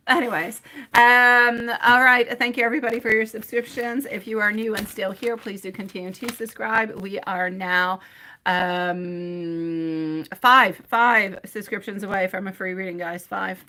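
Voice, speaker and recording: A woman's voice: mid-range voice, bright, forceful tone. A woman reading tarot live for her viewers, rambling and chatty, laughing often and calling people by pet names like sweetie and my love. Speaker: tarot reader.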